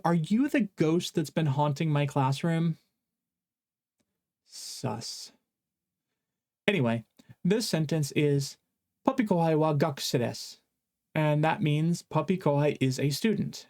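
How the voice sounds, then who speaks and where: A man's voice: on the high side, unhurried, darkish tone. A man teaching a casual online language lesson, explaining in a playful, jokey way. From English-speaking foreigner who lived in Japan.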